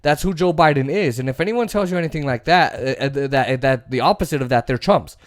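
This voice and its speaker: A man's voice: mid-range voice, quick pace, no echo, studio quality. Fired-up man ranting about politics. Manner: blunt, profane, lots of fillers and restarts. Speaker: political commentary host. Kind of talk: casual political rant.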